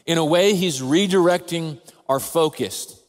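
Earnest preaching man in a reverberant hall. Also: on the high side. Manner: earnest, measured preaching with slow emphatic pauses. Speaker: pastor. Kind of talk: sermon. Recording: long reverb of a large hall.

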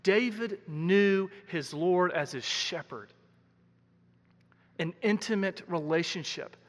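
A man's voice: sits high, slow. A man preaching a sermon as pastor, earnest and emphatic, repeating key words for weight. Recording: long hall reverb.

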